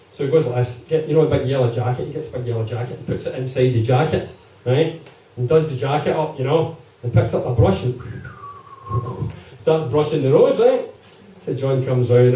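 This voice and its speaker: He's a storyteller at a live music gig, spinning humorous tales with a chatty, audience-checking style. His voice is mellow and medium-pitched, a little on the fast side, and the echoey space is heard through a distant mic.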